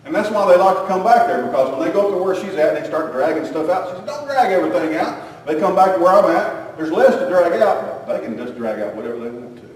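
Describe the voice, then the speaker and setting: In an echoey church sanctuary, picked up by a distant microphone amid faint ambience, an older pastor rattles through a sermon fast with few pauses. His high-sitting voice animates folksy family stories, acting out the quoted voices.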